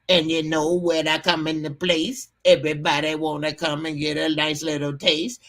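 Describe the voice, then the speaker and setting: A man's voice: on the high side, moderate pace, few pauses, bright, forceful tone. A man hosting a casual live stream, laid-back and chuckling as he greets chatters. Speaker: livestream host.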